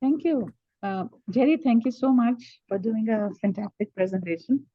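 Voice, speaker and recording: A woman's voice: fairly high pitch, normal speed, no room sound, lo-fi sound. A woman moderating a session from a library, thanking the speaker and asking for questions. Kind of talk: casual hosting.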